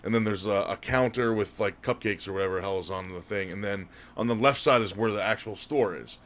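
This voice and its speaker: A man's voice: lowish voice, brisk, a bit bright. A man co-hosting a podcast, telling a casual story in a rambling way. He often corrects himself and laughs as he goes. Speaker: podcast co-host.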